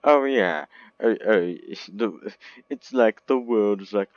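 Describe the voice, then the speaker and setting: A man giving rambling, giggly casual commentary over a game video, breaking into sudden squeaky outbursts, on a dull lo-fi recording. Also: slow, no echo. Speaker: gaming video creator.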